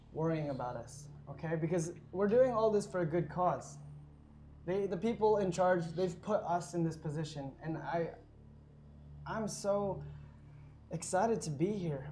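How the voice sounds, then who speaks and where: A man playing a tabletop game in character, talking in a halting, emotional way with many restarts. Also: sits high, warm tone, slight background noise. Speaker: player. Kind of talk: in-character role-play.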